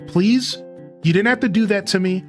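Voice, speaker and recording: A streamer voicing a calm grown man in an online game who patiently asks for his things back. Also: medium pitch, moderate pace, faint music behind, lightly acted. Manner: patient, pleading, then firm. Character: calm adult male gamer asking for his stuff.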